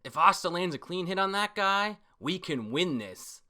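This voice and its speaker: A man's voice: high-pitched, lively intonation, normal speed, bright, forceful tone, pitched above the performer's own voice, full character voice. A man voicing a fierce, battle-hardened captain who rallies his comrade, speaking his lines as raised, urgent calls.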